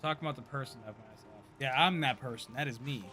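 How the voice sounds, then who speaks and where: A man in his thirties giving casual, profane live-stream commentary, chatty and quick to laugh. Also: mid-range voice, sharp tone, slight background noise. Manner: loose, profane, laughs often, chatty asides.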